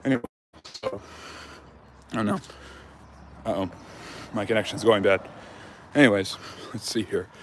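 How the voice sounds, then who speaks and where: A man's voice: fairly low pitch, unhurried, pauses often, a little hiss or hum. A man hosting a casual history Q&A livestream, out of breath after a jog, rambling loosely with lots of fillers and restarts. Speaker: history channel host.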